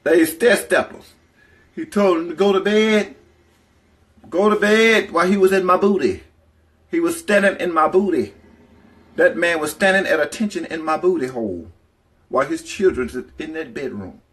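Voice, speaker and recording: A man's voice: a little high, normal speed, long pauses, fairly bright tone. A man telling candid, profanity-filled stories on a casual livestream, rambling from one tale to the next and breaking off to greet viewers in the chat. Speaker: livestream storyteller.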